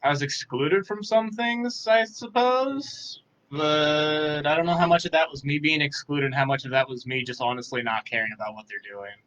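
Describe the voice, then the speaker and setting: A young man with dry, self-deprecating humor, talking softly and a little tired in a casual live interview. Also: fairly high pitch, normal speed, highs cut off. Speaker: guest.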